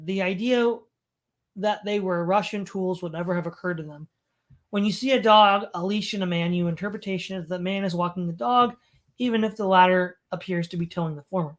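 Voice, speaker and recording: A stream host reading a text aloud on a home mic, breaking off for sarcastic asides and commentary. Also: mid-range voice. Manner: sarcastic asides between read passages.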